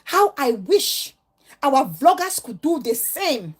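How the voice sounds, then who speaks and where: High-voiced earnest woman vlogger. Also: very animated, slow. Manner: earnest, emotional, preachy. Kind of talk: heartfelt vlog monologue.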